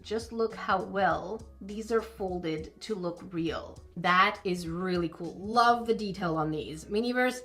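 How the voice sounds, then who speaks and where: A woman hosting a crafting vlog, chatting casually and gushing excitedly over tiny miniature items as she builds a project. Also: mid-range voice, takes it slowly, hardly any pauses, faint music behind. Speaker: crafting channel host.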